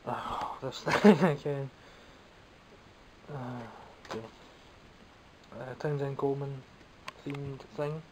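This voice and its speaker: Taking it slowly in a steady, mid-range voice, a man with a Scottish accent gives a casual toy-collector vlog, showing off his purchases with self-mocking humor. Background noise is present.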